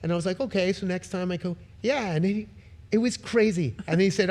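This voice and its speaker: A man's voice: high voice, a little fast. A middle-aged man telling stories as a podcast guest, acting out the voices of people in them. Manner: animated, acts out voices in his stories. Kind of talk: casual storytelling.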